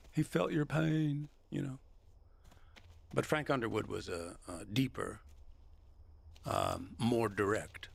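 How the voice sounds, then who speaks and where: A man being interviewed as an actor, telling stories in a lively, reflective way. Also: mid-range voice, vocal fry. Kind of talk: reflective conversational storytelling.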